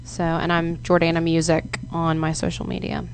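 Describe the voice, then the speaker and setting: A woman's voice: deep voice, completely flat delivery, moderate pace, a little hiss or hum. A young woman singer-songwriter, guesting on a radio show and speaking in a friendly, encouraging way. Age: young adult. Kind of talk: casual radio interview. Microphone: studio microphone.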